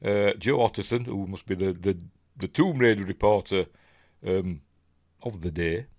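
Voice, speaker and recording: A man's voice: low-pitched, normal speed, darkish tone, no echo, clean studio sound. A man with a Yorkshire accent giving casual news commentary, chatty and rambling, with lots of tag questions. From Yorkshire, England. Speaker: news vlogger.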